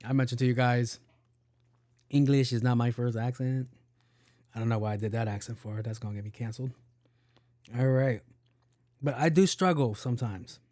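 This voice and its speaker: A man's voice: medium pitch, brisk, darkish tone, no echo, studio quality. A man hosting his own podcast, talking in a rambling, casual way, swearing freely and stumbling over tongue twisters. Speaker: podcast host. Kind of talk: casual solo podcast chat.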